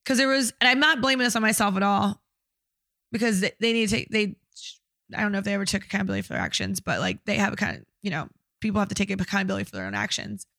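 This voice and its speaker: A woman's voice: mid-range voice, animated, very fast, vocal fry, a bit bright, no echo, clean studio sound. A young woman telling a personal story in casual conversation, candid and blunt, swearing often.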